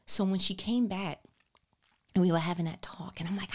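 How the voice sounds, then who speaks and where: Woman, casual storyteller, slightly low pitch, animated, frequent whispered asides. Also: a little fast. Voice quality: drops into whispers often. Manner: animated, expressive, talks directly to listeners. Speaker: mother telling a story about her daughter.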